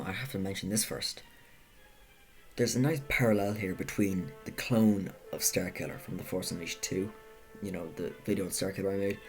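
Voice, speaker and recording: A man narrating a casual video essay, talking conversationally with self-correcting asides. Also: deep voice. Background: music.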